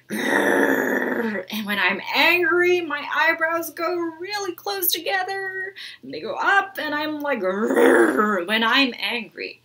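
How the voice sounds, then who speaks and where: A young woman, a music therapist, gently encouraging young children through a music lesson and singing along. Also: high voice. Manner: sings along with guitar.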